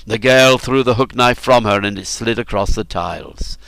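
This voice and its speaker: A man reading an audiobook in scripted narration, measured and deliberate. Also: lowish voice, creaky, fairly bright tone.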